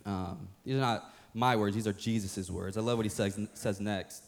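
A man's voice: on the low side, fairly even intonation, normal speed. A young man preaching a sermon as a young adults pastor, casual and joking, often acting out other people's voices.

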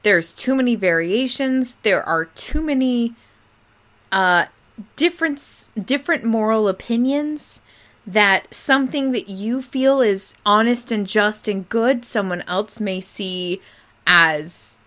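Slow, bright-voiced woman musing. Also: on the high side. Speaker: podcast co-host. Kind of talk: casual book discussion.

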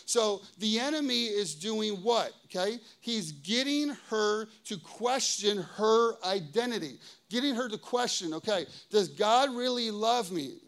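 A man's voice: high voice, fairly bright tone. A male pastor in his thirties preaching a sermon in a conversational way, often checking in with "okay?" and "right?".

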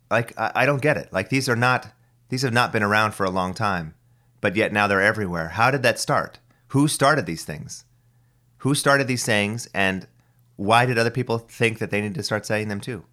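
Podcast host, man in his thirties, very deep voice; loose, profane, rambling delivery. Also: bright, forceful tone. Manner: profane, ranting, full of restarts. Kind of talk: casual rambling monologue.

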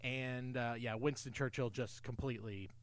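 A man's voice: medium pitch, steady tone, moderate pace, a crowd in the background. A man co-hosting a podcast, enthusiastically recapping a film's plot and trivia in casual chat. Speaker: podcast co-host. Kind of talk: casual film discussion.

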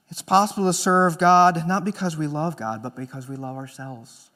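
A man preaching with a notably high voice. He is an earnest pastor, pressing some points hard and dropping to a hush on others. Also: fairly even intonation, normal speed, hardly any pauses. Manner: earnest preaching, swings between emphatic and hushed. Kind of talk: sermon.

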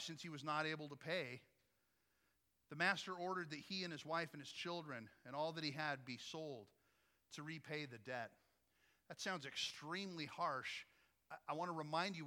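A man delivers a sermon as pastor in a relaxed, conversational way and keeps asking the congregation whether they follow him. His voice sits a little high and rings bright and sharp. A long reverb trails after his words, as in a large hall. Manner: conversational, asks listeners frequent questions.

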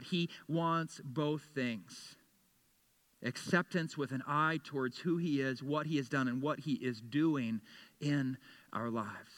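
A middle-aged man preaches with earnest conviction, his voice a little high and bright. He often stumbles over and repeats words as he presses a point home to the congregation. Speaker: pastor. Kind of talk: sermon.

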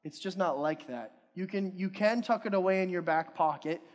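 Brief: young male preacher, casual joking sermon, slightly high voice, long reverb of a big hall. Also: normal speed. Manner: casual, joking, self-deprecating.

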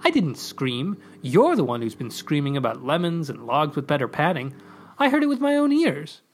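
A man voicing an exasperated, sharp-tongued woman companion in a read-aloud story. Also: on the high side, huge pitch swings, normal speed, slightly rough, heavily acted.

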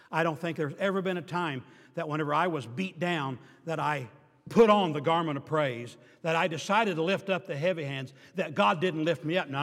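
An older man delivers a sermon in a notably high voice. He swings from emphatic, drawn-out declarations to hushed, wry asides, and his words ring out with a long reverb, as if in a church sanctuary. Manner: emphatic preaching that drops to quiet asides, with dry humor. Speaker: pastor. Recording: reverberant hall.

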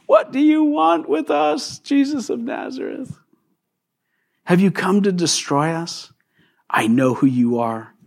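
A middle-aged male pastor preaching a sermon in a conversational, animated way, acting out quotes as he goes. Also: medium pitch.

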